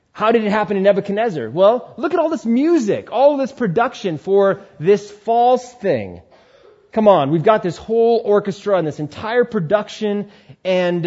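A man preaching a sermon, switching between animated exhortation and quiet, soothing asides. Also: sits high, muffled recording. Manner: animated preaching, drops to quiet soothing tones when voicing tempters. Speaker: pastor.

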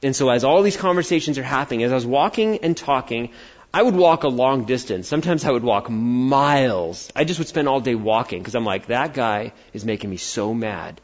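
Animated American preacher with lively pitch. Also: male voice, fairly quick. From United States. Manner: animated storytelling, acts out quoted voices. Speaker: pastor. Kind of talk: sermon with personal story. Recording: dull lo-fi sound.

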